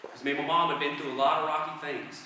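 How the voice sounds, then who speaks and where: A man preaching a sermon, earnest, repeating phrases and slowing down for emphasis. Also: a little high, steady tone, bright, forceful tone, a little hiss or hum. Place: church hall. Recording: echoey hall from far off.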